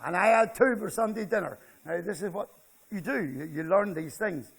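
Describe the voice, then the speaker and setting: Here an author with a Devon West Country accent, an older man, addresses a seated festival crowd in a high, gravelly voice at a moderate pace. His humorous rural tales come out chatty and playful, and he keeps drawing the audience in by checking on them.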